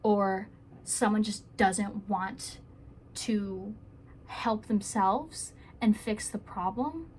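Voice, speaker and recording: A woman's voice: medium pitch, extremely slow, darkish tone, a little hiss or hum. Woman rambling earnest self-help advice. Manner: rambling, earnest, with playful asides. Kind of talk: casual advice monologue.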